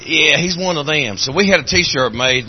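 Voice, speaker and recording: A man with an Appalachian accent preaching a sermon, telling folksy stories in a voice that climbs high and cracks when he is moved. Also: moderate pace, breathy edge, dull audio.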